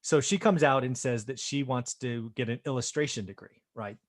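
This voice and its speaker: A middle-aged man hosting a casual conversation, at an ordinary pitch for a man. He retells a family story in a self-deprecating way, tagging his sentences with "right?" as he goes. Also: moderate pace. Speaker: host.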